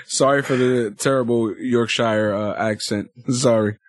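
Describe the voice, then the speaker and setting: A male co-host in relaxed banter, swearing freely and wandering through his thoughts with lots of "like" and "you know". His voice sits at an ordinary pitch and is recorded dry and close. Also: a little slow, dry recording. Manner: loose and profane, rambling with filler words. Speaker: podcast co-host. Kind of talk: casual chat about wrestling.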